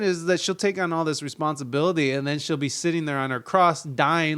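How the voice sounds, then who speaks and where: A man co-hosting a casual podcast, animated and laughing often, swearing freely as he breaks down a TV show. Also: a little high, fairly quick, hardly any pauses, clear, resonant tone. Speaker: podcast co-host.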